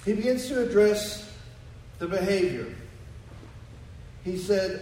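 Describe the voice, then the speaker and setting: A man's voice: high-pitched, expressive, slow, pauses often, mellow, roomy sound, distant mic, slight background noise, low-quality recording. A man preaching a sermon to his congregation, emphatic and full of rhetorical questions. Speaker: pastor. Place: church sanctuary.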